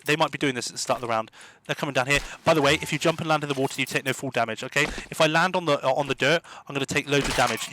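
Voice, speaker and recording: A man's voice: a little high, background noise. A man giving an eager, repetitive gameplay tutorial commentary as a gaming tips host. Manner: eager, repetitive, often asks "do you know what I mean".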